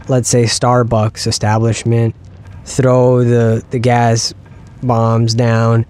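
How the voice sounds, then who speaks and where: A man's voice: medium pitch, warm tone. A man co-hosting a comedy podcast, playfully prompting his partner with questions for improvised bits. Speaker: podcast co-host. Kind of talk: comedic interview chat.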